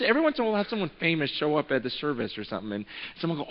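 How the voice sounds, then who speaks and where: Animated male preacher in a reverberant hall. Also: high-pitched, racing, few pauses. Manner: conversational preaching, animated, many restarts. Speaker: pastor. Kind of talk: sermon. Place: church sanctuary. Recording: dull sound with long hall reverb.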